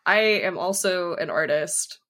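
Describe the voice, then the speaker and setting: A woman's voice: lowish voice, measured pace, fairly bright tone. A woman hosting a podcast in casual chat, reacting with enthusiasm and laughing as she talks.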